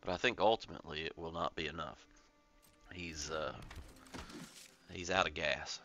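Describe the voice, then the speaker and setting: A man's voice: very deep voice, fairly even intonation, moderate pace, sharp tone, highs cut off, slight background noise. A man casually commentating his card game with joking, rambling asides. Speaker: gameplay commentator. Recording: game music playing behind.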